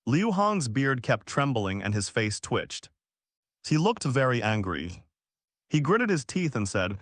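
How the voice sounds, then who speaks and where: A man narrating a translated web novel as an audiobook in a lively storytelling way. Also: medium pitch, unhurried, no room sound, studio quality.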